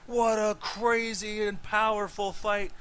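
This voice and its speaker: A man voicing an excitable male arena announcer who booms out drawn-out proclamations. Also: slight background noise. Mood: excited.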